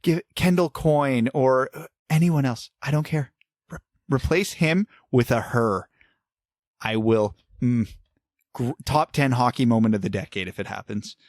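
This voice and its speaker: A man's voice: medium pitch, measured pace, a little mellow, no room sound, clean studio sound. A man co-hosting a casual podcast, ranting heatedly and swearing. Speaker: podcast co-host.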